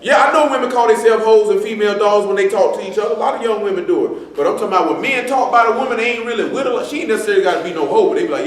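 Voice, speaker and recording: A man's voice: high-pitched, lively intonation, quick pace. A man preaching a sermon in loose street slang, joking and quoting people. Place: church assembly hall. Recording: echoey hall from far off.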